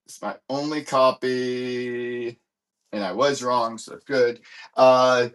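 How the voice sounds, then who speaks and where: A man hosting a live comic sale, talking loosely and off the cuff. He rambles, fills gaps with "um" and "uh", and keeps saying "hold on" while digging through his stock. His pitch sits in the middle range for a man. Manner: rambling, lots of fillers and "hold on"s while searching. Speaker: live-stream comic seller. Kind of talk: casual live-sale chat.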